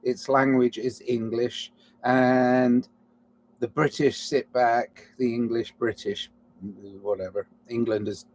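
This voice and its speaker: A man's voice: medium pitch, level tone, slow pace. Rambling musing man, self-interrupting. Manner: digressive, restarts mid-thought, swings between musing and heated outbursts; self-mocking apologetic asides. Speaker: solo podcaster. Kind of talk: rambling reflective monologue.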